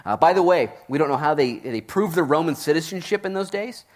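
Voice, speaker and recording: A man preaching a Bible-teaching sermon in a casual, animated way, with jokey asides. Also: fairly high pitch, brisk. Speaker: pastor.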